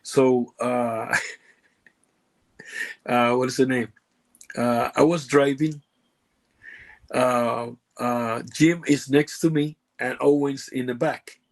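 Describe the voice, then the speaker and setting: Puerto Rican man telling halting stories. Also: medium pitch, fairly even intonation, gravelly. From Puerto Rico. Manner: halting, lots of fillers and restarts, broken grammar. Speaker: guest, former pro wrestler. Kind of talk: casual storytelling interview.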